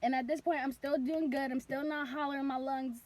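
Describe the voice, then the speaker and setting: A young woman with a high voice tells her story in a casual vlog. She rambles, leans on "like" constantly, and bursts into loud reenacted cries now and then. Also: fairly even intonation, a little fast. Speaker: vlogger.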